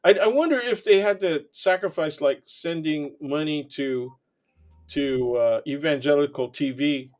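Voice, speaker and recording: A man's voice: on the high side, unhurried, faint music behind. A man appearing as a guest on a talk show, chatting casually with wry, sarcastic humor. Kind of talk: casual chat.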